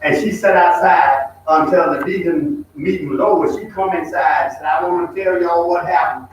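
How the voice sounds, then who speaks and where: A man's voice: fairly high pitch, moderate pace, slight background noise. A man leading a Bible study, telling stories in a folksy way and talking straight to the group. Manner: folksy, talks to the group directly, mimics hollering. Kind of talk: storytelling bible study talk. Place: church. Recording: echoey, distant, dull room recording.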